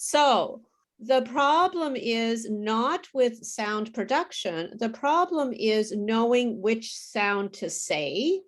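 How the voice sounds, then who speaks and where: A woman tutoring English pronunciation over a video call, explaining slowly and patiently. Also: a little high, lively intonation. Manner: slow, careful teacher explaining with apologies and laughs. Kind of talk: online pronunciation lesson.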